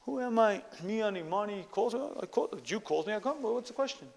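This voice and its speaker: A man's voice: high voice, animated, brisk, vocal fry, big-room sound, pitched above the performer's own voice. A man voicing a boastful, self-important man who is indignant at being called. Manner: pompous, indignant.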